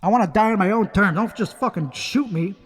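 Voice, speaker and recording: A man's voice: high voice, fairly quick, in a large hall. A young man giving a brash, profane, rambling comic rant at a karaoke night. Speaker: comedian. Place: karaoke bar.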